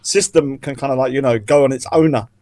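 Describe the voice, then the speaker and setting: A man's voice: mid-range voice, fast talker, dark tone, dry recording. A man joining a live online panel, bantering casually and making mocking, provocative jokes. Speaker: panel guest.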